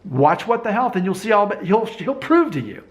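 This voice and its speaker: A man's voice: sits high, big pitch swings, normal speed. Emphatic man vlogging. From United States. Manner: emphatic and insistent, repeating points. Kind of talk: casual direct-to-camera monologue.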